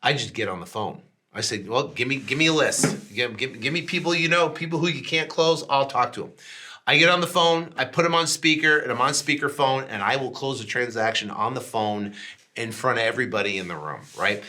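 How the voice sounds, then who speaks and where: Bright-voiced man telling a deal story. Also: mid-range voice. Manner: animated, acts out both sides of phone calls; frequent restarts and "right?" tags. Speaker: podcast host. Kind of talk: casual storytelling.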